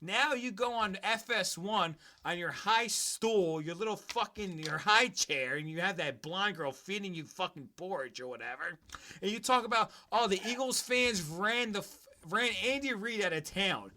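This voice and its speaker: A sports podcast host who talks high in his range. His tone is bright and cutting, and he goes off on profane, mocking tangents in casual chat. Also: expressive, moderate pace.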